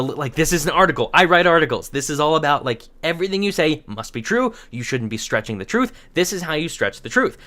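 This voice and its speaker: A young man with a slightly raised pitch talks through an article in casual commentary. He rambles, restarts his sentences and argues each point as he reads it out. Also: a bit bright. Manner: rambling, restarts sentences, frequent fillers, argumentative. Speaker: commentary channel host.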